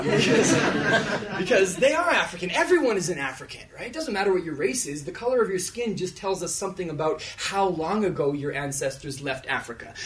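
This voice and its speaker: A young man with a Canadian accent performs rap comedy live on a theater stage, his high voice leaping around with animated energy. He plays with words in quick, rhythmic runs and laughs his way through the asides. The sound is caught from some distance away, with a faint hiss underneath. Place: theater stage before an audience.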